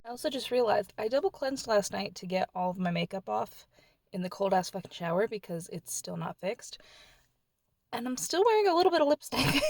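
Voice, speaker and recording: A woman's voice: medium pitch, sing-song, a little fast, vocal fry. A young adult woman chatting through her day in a casual vlog, rambling with asides. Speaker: vlogger.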